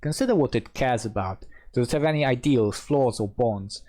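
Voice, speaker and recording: Brief: male host, mid-pitched, reads rule text steadily, chats between passages. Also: normal speed, dark tone. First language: Polish. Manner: reads rule text steadily, then gives loose, self-doubting asides. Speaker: host reading a game rulebook aloud. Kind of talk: rulebook readalong with commentary.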